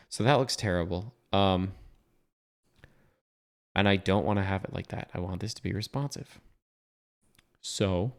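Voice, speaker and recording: A young man talking casually through a coding tutorial while sharing his screen, thinking aloud with fillers and self-corrections. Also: low-pitched. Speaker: web developer teaching a coding tutorial.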